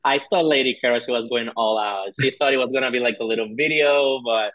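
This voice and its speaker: A man with a mid-range voice chats as a podcast guest, animated and quick to act out his reactions. His mic sounds a little dull and dry, as if he is calling in remotely. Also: medium pitch, no room sound. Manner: chatty, animated, with acted-out reactions. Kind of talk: casual chat.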